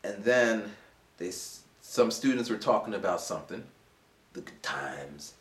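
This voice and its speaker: A man around forty, an English teacher, casually telling a rambling story for his vlog. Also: unhurried. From United States. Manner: animated, rambling, acts out voices in a high pitch. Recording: roomy echo.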